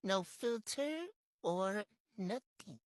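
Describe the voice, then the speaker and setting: A woman's voice: mid-range voice, lively intonation, very slow, no echo. A young woman from tells a get-ready-with-me storytime into her phone, blunt, slangy and swearing freely. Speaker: storytime vlogger.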